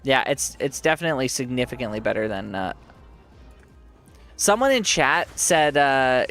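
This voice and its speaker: A man's voice: mid-range voice, animated, normal speed, fairly bright tone, clean tone, soft background music. A man streaming a game, giving casual commentary while chatting with his viewers, joking at his own expense and laughing often.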